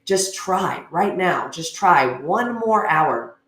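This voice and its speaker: A woman's voice: on the low side, expressive, takes it slowly, fairly bright tone. A woman giving an earnest, conversational motivational talk at a gym, with frequent fillers like "you know" and "um.". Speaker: gym speaker. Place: gym class space. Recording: echoey room.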